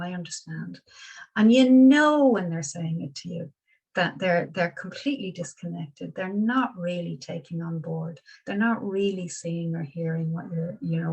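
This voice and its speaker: Gravelly woman giving a gentle talk. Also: on the low side, rough recording. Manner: gentle, reflective, many restarts and pauses. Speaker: Buddhist teacher. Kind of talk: dharma talk.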